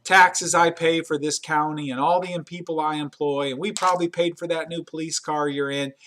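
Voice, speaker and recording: A man's voice: on the high side, fairly even intonation, moderate pace, a bit bright, slight background noise, lightly acted. A man voicing an angry, entitled male business owner who barks and scolds. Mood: indignant. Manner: barking, scolding.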